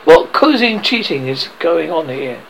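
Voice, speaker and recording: A man's voice: a little high, sing-song, moderate pace, creaky, slight background noise, poor audio. A man voicing a proud, blustering pirate captain who is losing his nerve, with theatrical outbursts in an audiobook reading.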